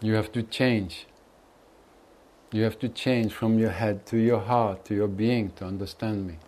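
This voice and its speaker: A man speaking as a spiritual teacher to an audience, calm and gentle at times, teasing and laughing at others. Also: lowish voice, a little slow, a little hiss or hum, poor audio. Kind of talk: addressing an audience at a gathering.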